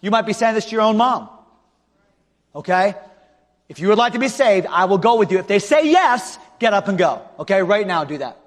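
A male pastor preaching a revival sermon with an altar call, swinging from loud shouting to hushed pleading. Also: sits high, lively intonation, brisk. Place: large church auditorium. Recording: long hall reverb.

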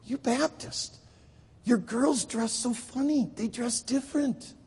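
A man voicing teasing, puzzled male Israeli farm workers in a high, laughing, pleading voice. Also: takes it slowly, a little mellow, slightly rough, big-room sound, full character voice.

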